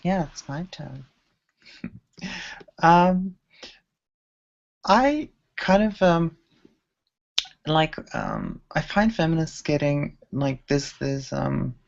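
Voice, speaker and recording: A woman's voice: low voice, sing-song, extremely slow, vocal fry, long pauses, a little mellow. A woman on a podcast panel, speaking hesitantly with lots of ums and likes. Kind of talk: casual chat. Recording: dull lo-fi audio.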